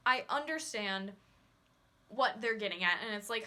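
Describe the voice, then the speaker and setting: A woman's voice: on the high side, big pitch swings, normal speed, pushed and bright. A woman vlogger giving casual, sarcastic reaction commentary, with a lot of "like" in her speech. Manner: sarcastic, says "like" often. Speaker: horse-riding vlogger.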